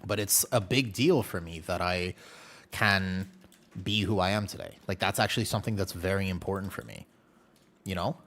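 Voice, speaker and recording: A man livestreaming a game, chatting candidly and telling animated stories with playful exaggeration. He is from the United States. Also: deep voice, moderate pace. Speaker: game streamer. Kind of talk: casual livestream chat while gaming.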